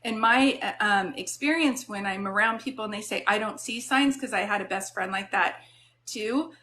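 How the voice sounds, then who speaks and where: A woman's voice: medium pitch, moderate pace, sharp tone. A woman working as a psychic medium, giving a live-stream reading in a soothing, reassuring, chatty way.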